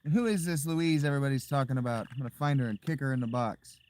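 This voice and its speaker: A man's voice: mid-range voice, quick pace, darkish tone. A man streaming a game who jokes, rambles and talks himself through the play in casual chatter.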